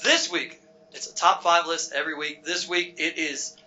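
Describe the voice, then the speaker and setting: A man's voice: fairly high pitch, fairly even intonation, normal speed, pushed and bright, lo-fi sound, faint music behind. A man hosting a talk show in a bar, introducing a segment in a casual, chatty way. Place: bar with a live audience.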